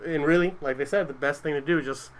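A man's voice: on the high side, fast, a little hiss or hum, poor audio. A young adult man telling stories in casual chat, rambling and profane, with lots of restarts.

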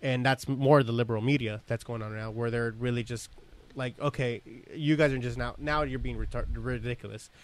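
A man's voice: medium pitch, steady tone, fairly quick. A man hosting a casual podcast, rambling and swearing, often laughing as he talks. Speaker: podcast host.

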